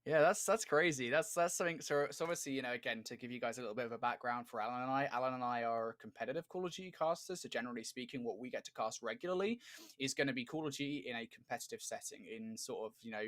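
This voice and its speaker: A man calls a competitive shooter match in relaxed, joking play-by-play, trading banter with his partner. His voice sits at an ordinary middle pitch, and he laughs easily between calls. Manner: upbeat, jokey, quick to laugh. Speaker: esports commentator. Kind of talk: casual play-by-play game commentary.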